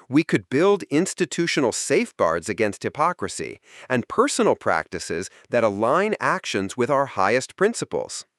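A man giving a measured, scripted explanatory narration. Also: medium pitch, a bit bright, no echo, studio quality.

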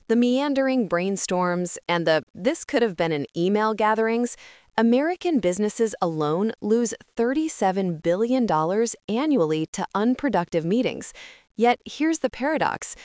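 A woman's voice: mid-range voice, expressive, moderate pace, clean tone, no echo, studio quality. A woman giving polished, emphatic scripted narration as an explainer.

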